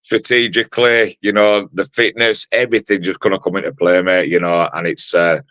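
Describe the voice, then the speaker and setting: Brash man in his forties, very low voice, dry close sound, swaggering fight talk. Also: little pitch movement, brisk, a bit bright, no echo. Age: 40s. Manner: brash, sweary trash talk with many fillers. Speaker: bare-knuckle fighter. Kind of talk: fight promo interview.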